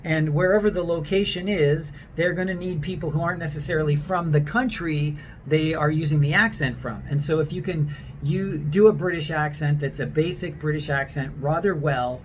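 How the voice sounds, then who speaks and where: A man's voice: on the high side, normal speed, slight background noise, poor audio. A man giving a casual spoken lesson for actors, in a loose, rambling way with frequent ums and restarts. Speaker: accent coach for actors.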